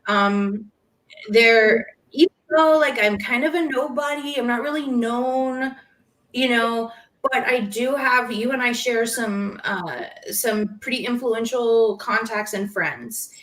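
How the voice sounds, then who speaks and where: A woman talking as a podcast guest in casual conversation, emotional and animated, quick to laugh. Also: on the high side, reverberant, rough recording.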